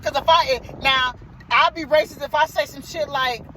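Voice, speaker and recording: A man's voice: very high-pitched, fairly even intonation, normal speed, sharp tone, a little hiss or hum, low-quality recording. A man who drives a motor coach bus tells a story in a casual vlog, heated and profane, and he repeats himself.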